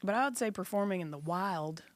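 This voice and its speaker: A woman's voice: mid-range voice, fairly quick, dry recording. A woman who is a guest musician, chatting in an enthusiastic, casual way on a podcast.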